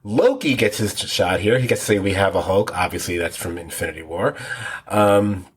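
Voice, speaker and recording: A man's voice: sits low, moderate pace, husky. A man co-hosting a TV podcast, rambling through details in a casual, self-deprecating way. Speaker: podcast co-host. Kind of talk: casual chat.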